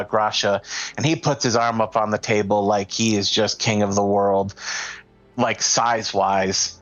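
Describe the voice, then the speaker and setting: A man's voice: lowish voice, a bit bright. Man, game master, casual narration, dull lo-fi audio. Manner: casual, many fillers like "like" and "um".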